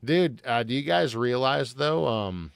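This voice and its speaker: A man's voice: medium pitch, lively intonation, unhurried, creaky, clean tone, dry recording. A man streaming live, chatting casually in a rambling, profane, joking way over faint music.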